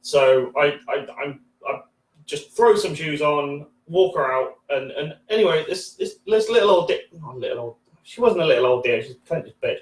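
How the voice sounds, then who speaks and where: Nervous high-voiced comic, echoey. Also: male voice, expressive. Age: 30s. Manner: rambling, halting, many fillers and restarts, sweary. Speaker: stand-up comedian. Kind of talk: stand-up comedy set. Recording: echoey room from a distance.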